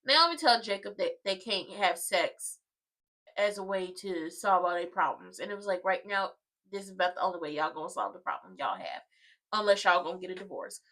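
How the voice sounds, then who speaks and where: A woman hosts a casual soap opera watchalong, walking through each scene in a sassy, dramatic way. Her voice is bright and pointed, and she keeps the tone loose and conversational. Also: on the low side, animated, a little fast, low-quality recording. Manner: sassy, dramatic, acts out the characters' lines. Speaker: soap opera recap host. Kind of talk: casual watchalong recap commentary.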